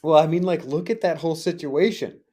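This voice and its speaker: A man co-hosting a casual conversation, animated, often laughing and acting out little voices as he tells stories. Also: fairly high pitch, a little fast.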